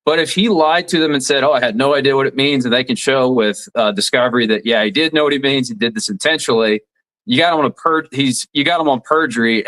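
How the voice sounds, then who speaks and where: A man's voice: medium pitch, a bit bright, poor audio. A man in his forties from Alabama, a radio commentator and former attorney, talking through legal issues in a plain, explanatory way during an interview. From southeast Alabama, USA. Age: 40s. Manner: explanatory, many restarts, plain-spoken legal analysis. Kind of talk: casual interview conversation.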